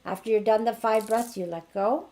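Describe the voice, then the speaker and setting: A middle-aged woman teaching an energy healing technique in a chatty online class, her voice rising brightly when she acts out what she tells others. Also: fairly high pitch, fairly even intonation, moderate pace. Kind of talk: casual online teaching demonstration.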